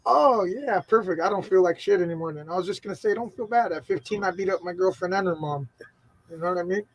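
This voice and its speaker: A man's voice: high voice, fast talker, rough recording. A man in a casual chat, joking and swearing a lot.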